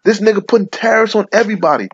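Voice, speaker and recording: A religious commentator reads scripture aloud and lectures his listeners in an angry, profane rant, captured in lo-fi, muffled audio. His voice sits high and he talks very fast, with a bit of hiss or hum.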